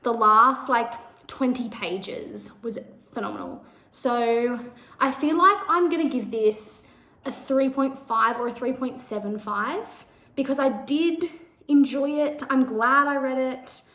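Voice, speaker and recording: A woman's voice: sits high, takes it slowly, sharp tone. A young woman chatting casually about books she has read, rambling a little with lots of fillers. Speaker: book vlogger. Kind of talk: casual book review vlog.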